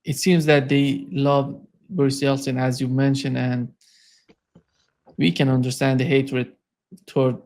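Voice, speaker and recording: Man, interview host, gravelly, flat delivery, measured halting questions. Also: medium pitch, slight background noise.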